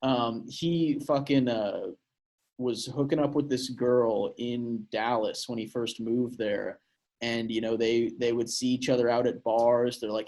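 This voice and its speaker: A man's voice: medium pitch, steady tone, measured pace, a little mellow. A young man from Portland, Oregon, co-hosting a podcast and telling a crude story in a rambling way, with lots of fillers. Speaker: podcast co-host. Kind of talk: casual storytelling chat.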